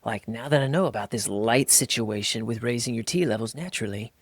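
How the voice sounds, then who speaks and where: A man's voice: medium pitch, brisk, dry recording. An American man co-hosting a casual podcast, talking bluntly and energetically, often mimicking other voices. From United States. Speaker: podcast co-host.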